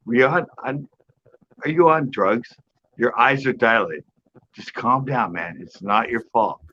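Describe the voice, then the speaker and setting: A man's voice: medium pitch, measured pace, sharp tone, muffled recording, a little hiss or hum. A man doing a drawling, laid-back wild cat buddy. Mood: soothing.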